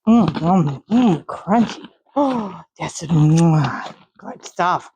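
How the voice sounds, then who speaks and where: A woman's voice: fairly low pitch, expressive, very slow, gravelly, warm tone, breathy edge, lo-fi sound. A woman in a horse stable, cooing affectionately to her horses and making kiss sounds, in a casual vlog. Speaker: horse owner. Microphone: handheld microphone.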